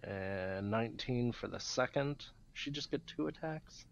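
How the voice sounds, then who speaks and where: A man playing a tabletop game, eagerly talking through his character's actions. His voice sits at an ordinary middle pitch. The recording is dull and lo-fi. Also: lively intonation, a little slow, vocal fry. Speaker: player. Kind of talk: casual tabletop play.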